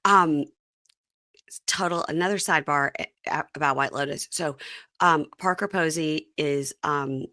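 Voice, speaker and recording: A woman's voice: sits low, measured pace, bright, forceful tone, no echo, clean studio sound. A woman from Mississippi hosting a podcast, chatting casually with rambling, self-deprecating asides. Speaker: podcast host. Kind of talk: casual chat.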